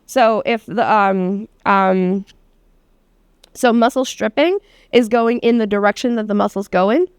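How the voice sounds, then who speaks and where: A woman's voice: mid-range voice, measured pace, clear, resonant tone, no room sound, studio quality. A woman teaching a hands-on massage therapy class, talking casually with lots of fillers and the odd swear word. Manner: casual, chatty, many fillers and laughs, swears.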